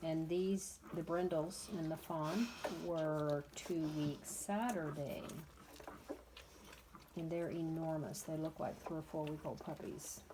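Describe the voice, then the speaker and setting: A woman in her fifties with a low, deep-set voice talks in a loose, chatty way, blunt and a little exasperated. A faint hiss sits under her talk. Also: takes it slowly. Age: 50s. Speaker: dog breeder. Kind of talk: casual vlog chat. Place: dog kennel.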